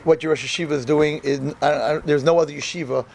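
A rabbi speaks fast in a slightly high voice, telling yeshiva students in a room a humorous sermon and vividly acting out the quoted lines. Slight background noise is present.

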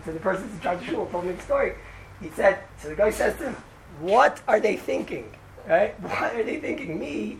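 A man gives an informal religious talk to a group, telling an animated, rambling story peppered with "right?" asides. His voice is high-pitched and creaky, with a noisy hiss in the background.

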